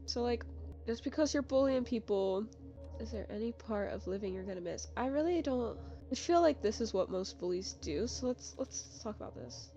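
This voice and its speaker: A woman's voice: fairly high pitch, mellow, muffled recording. A young woman giving casual, rambling game commentary, full of fillers, with game music behind. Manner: chatty, filler-heavy, rambling. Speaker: gaming youtuber.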